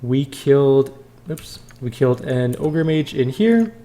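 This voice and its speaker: Wry male let's play host, mellow voice. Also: mid-range voice, animated, measured pace. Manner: reads dialogue aloud, wry asides. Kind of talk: casual game commentary.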